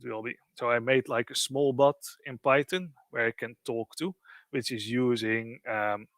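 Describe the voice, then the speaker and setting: A man's voice: mid-range voice, fairly even intonation, normal speed, a bit bright, dry recording. Man walking through a tech demo. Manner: explanatory, loose phrasing with frequent "kind of". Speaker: presenter. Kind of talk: live software demo walkthrough.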